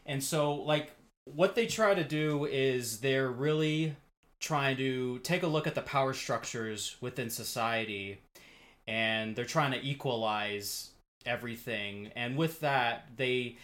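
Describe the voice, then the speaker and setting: Podcast cohost guy, mid pitch, explains stuff carefully with lots of um and like. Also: a bit bright. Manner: measured and explanatory, searching for words with fillers. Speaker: podcast co-host. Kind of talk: casual conversational podcast.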